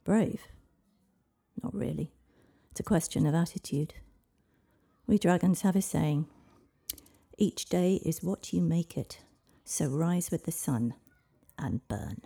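Woman voicing an ancient lonely dragon, sardonic, gravelly, very husky, dark tone. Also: deep voice, slow pace, exaggerated voice. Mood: weary. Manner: dry, world-weary and sardonic. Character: ancient, lonely, wounded male dragon, proud and wry.

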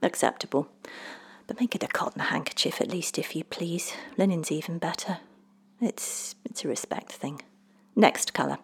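Woman playing a little male leprechaun, prim, demanding, formal, gravelly, storybook. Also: low voice, moderate pace, whispered, full character voice. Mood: imperious. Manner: formal, clipped, bossy orders. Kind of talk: storybook reading.

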